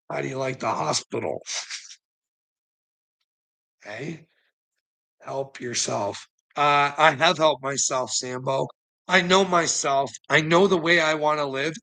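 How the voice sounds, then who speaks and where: A man's voice: mid-range voice, vocal fry, a bit bright, rough recording. A man delivering a rambling, profane monologue as a vlogger, laughing between phrases.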